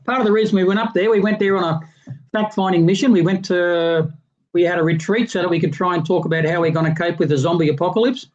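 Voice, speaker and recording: A man spins a long, rambling yarn, restarting his sentences as he goes. His voice sits a little higher than most men's and comes through dull and lo-fi over a video call. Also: fast. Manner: rambling, animated anecdote teller with many restarts. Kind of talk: casual storytelling on a livestream chat.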